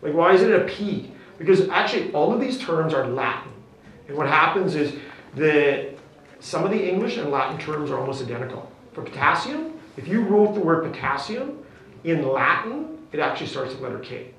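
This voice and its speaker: A man's voice: on the high side, sing-song, moderate pace, creaky, fairly bright tone, slight background noise. A male teacher leading a classroom lesson, upbeat and coaxing, constantly checking in with "okay?" and "right?". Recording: very echoey classroom, distant mic.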